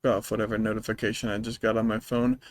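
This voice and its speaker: A man's voice: lowish voice, little pitch movement, fast talker, no room sound. Man ranting profanely at a game. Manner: rambling, with many fillers and restarts. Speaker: streamer. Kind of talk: live-streamed gameplay commentary.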